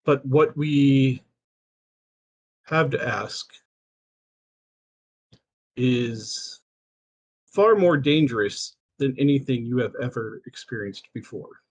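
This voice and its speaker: A solemn, secretive letter writer, as a man reads it aloud in an unhurried, deliberate cadence. Each line lands formal and grave, like an urgent summons being read at a game table. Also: mid-range voice, expressive. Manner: slow formal reading. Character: mysterious letter writer pleading for help.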